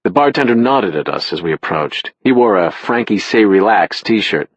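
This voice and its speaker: Low-voiced man, lively wry narration. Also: normal speed, husky, dry recording, low-quality recording. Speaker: audiobook narrator. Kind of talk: first-person audiobook narration.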